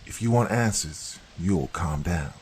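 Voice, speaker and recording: Guy playing a strict mom, short and bossy, low voice. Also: lively intonation, measured pace, a little mellow, a little hiss or hum. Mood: stern. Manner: curt, commanding. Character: stern, no-nonsense middle-aged mother.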